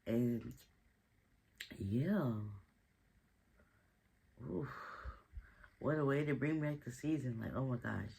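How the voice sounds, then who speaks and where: A man's voice: mid-range voice, expressive, slow, gravelly, long pauses, darkish tone, slight background noise, poor audio. A man giving a casual, slangy recap of a TV drama episode, telling the story with chatty asides. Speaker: TV show recap host.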